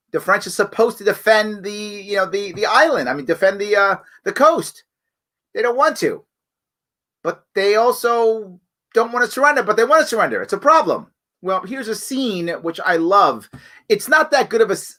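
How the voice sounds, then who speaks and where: Middle-aged guy hosting a live stream, bright high voice, chatty and emphatic. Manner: conversational, emphatic, frequent "right?". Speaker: show host. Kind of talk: live online commentary.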